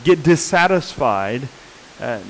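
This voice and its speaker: A man preaching a sermon in an unhurried, earnest way, often pausing with fillers and restarting his sentences. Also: medium pitch, animated, a little hiss or hum, low-quality recording.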